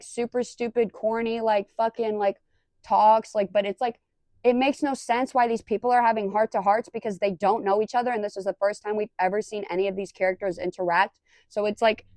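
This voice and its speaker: A woman's voice: medium pitch, a little mellow, dry recording. A young woman casually ranting through a movie review, exasperated and swearing, with lots of rambling restarts.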